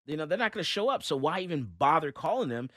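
A man hosting a casual talk show, telling animated stories and giving blunt opinions. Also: a little high, quick pace, no room sound, studio quality. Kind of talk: casual talk radio chat.

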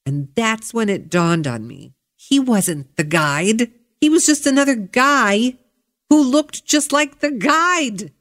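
A woman hosting a podcast, telling a travel story in a chatty, candid way with bursts of excitement. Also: on the high side, takes it slowly. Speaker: podcast host. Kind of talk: casual storytelling monologue.

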